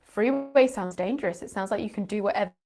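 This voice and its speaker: Speaking fast with a mid-range, gravelly, slightly mellow voice, a British English teacher and channel host explains differences between words to camera. She keeps it playful, laughing frequently and adding teasing asides.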